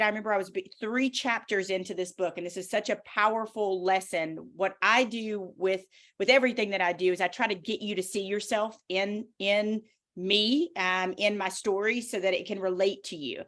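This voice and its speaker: A woman with a Southern US accent shares personal stories as an interview guest, her voice sitting at an ordinary middle pitch. She talks in an animated, motivational way and leans into each point. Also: normal speed. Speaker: author guest. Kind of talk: casual interview talk.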